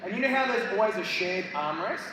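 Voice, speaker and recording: A man's voice: high-pitched, brisk, crowd noise. A man in his thirties giving a live motivational speech to students, telling comic stories and acting out voices. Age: 30s. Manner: animated storytelling, acts out voices and shouts. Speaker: motivational speaker. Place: school hall, live before students. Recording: echoey school hall from far off. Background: hall ambience.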